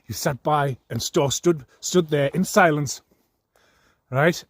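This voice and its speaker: A man's voice: fairly high pitch, takes it slowly, no echo. Ranting, profane man. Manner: ranting, profane, mocking, laughs often. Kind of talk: angry monologue to camera.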